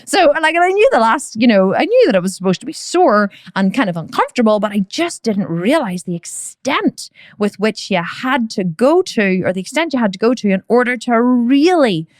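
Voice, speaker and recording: A woman hosting a podcast, telling a story in a chatty, animated way with plenty of fillers and acted-out shouts. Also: a little high, normal speed, hardly any pauses, no room sound, clean studio sound. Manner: chatty, frequent fillers like "you know" and "right". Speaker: podcast host.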